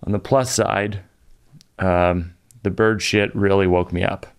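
A man's voice: low-pitched, flat delivery, measured pace, vocal fry, clear, resonant tone. A middle-aged man, a comedian hosting a podcast, telling a funny story in a dry, self-mocking way with playful asides. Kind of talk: comic storytelling in conversation.

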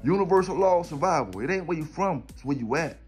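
A man from South Carolina talks loosely into his own vlog, preaching and rambling in streetwise slang. His voice sits a little high for a man. Faint music plays underneath. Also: lively intonation, quick pace. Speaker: dog kennel owner. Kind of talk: casual monologue vlog.

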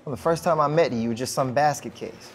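A man playing a cold, professional male hitman who talks in clipped, flat, dismissive lines. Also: mid-range voice, quick pace, slight background noise, natural voice. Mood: contemptuous. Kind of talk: web series drama acting.

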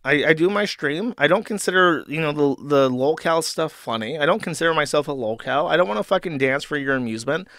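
A man's voice: fairly high pitch, animated, a little fast, hardly any pauses, a bit bright, no echo, studio quality. A man voicing a fed-up defiant streamer. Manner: blunt, defiant, profane. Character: fed-up male streamer refusing an invitation.

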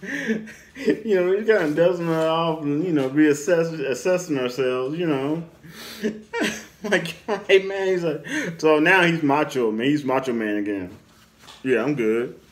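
A man telling a story casually and animatedly, with his voice rising and falling freely. His pitch sits a little above the usual male range, and he chuckles throughout the telling. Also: a little slow. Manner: animated, laughs often while telling. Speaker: storyteller vlogger.

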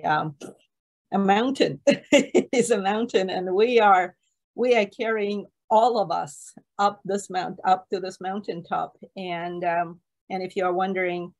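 A woman leading an online book discussion on her own, talking enthusiastically and rambling, laughing often, on a video call. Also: mid-range voice. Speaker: literature course leader. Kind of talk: solo online book talk.

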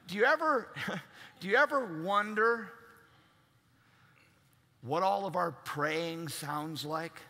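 A male pastor preaches emphatically in a large church and acts out the voices he quotes. His voice sits high, with a tense, bright edge. Long reverb from the large church trails after each phrase. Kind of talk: sermon.

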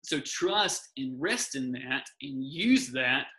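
A man's voice: mid-range voice, animated, takes it slowly, pushed and bright, low-quality recording. A man speaking as a guest in an earnest, encouraging faith talk, often repeating his key phrases.

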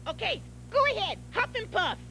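An excitable little pig kid. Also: female voice, very high voice, normal speed, gravelly, slight background noise, full character voice. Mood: eager. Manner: bossy, eager, squealing. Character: excitable young piglet child putting on a play.

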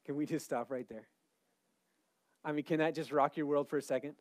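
A man's voice: fairly high pitch, fairly even intonation, fairly quick, dry recording, clean studio sound. A male pastor preaching a sermon, emphatic and repeating scripture lines with rising intensity. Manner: emphatic, repeats scripture, builds to loud calls.

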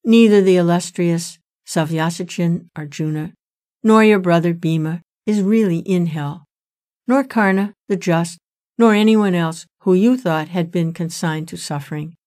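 God of justice, read by a woman, calm, fatherly, reassuring, storybook retelling. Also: lowish voice, measured pace, dry recording, clean studio sound, lightly acted.

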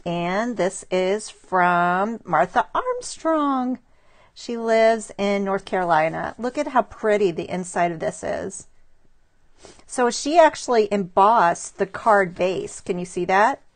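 A woman's voice: medium pitch, animated, takes it slowly. A middle-aged woman talks through a pile of handmade cards on a casual live stream. She sounds admiring and chatty, and she greets viewers by name as she goes. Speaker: stamping demonstrator showing cards to live viewers. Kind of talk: casual live craft show-and-tell.

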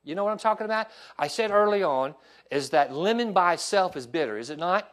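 Pastor, male, high-pitched, lively pulpit delivery, asks congregation for responses. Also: brisk. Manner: animated preaching with call-and-response asides. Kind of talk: sermon. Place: church sanctuary.

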